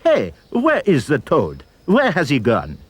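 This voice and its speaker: A man voicing a greedy, shouting mob of hungry Frenchmen in a storybook reading. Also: fairly high pitch, huge pitch swings, a little slow, husky, voice pushed up, heavily acted.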